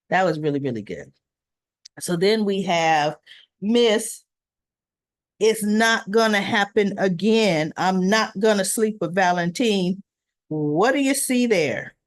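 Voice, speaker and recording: A woman's voice: medium pitch, no room sound. A woman hosting a casual recap, retelling scenes with acted-out quotes and chatty asides. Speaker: soap opera recap host.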